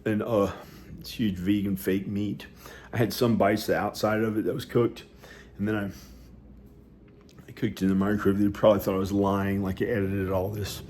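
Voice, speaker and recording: A man talking at home in a rambling personal monologue, hesitant and halting, with many restarts and fillers. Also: on the low side, flat delivery, darkish tone, a little hiss or hum. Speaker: vlogger. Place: inside his house.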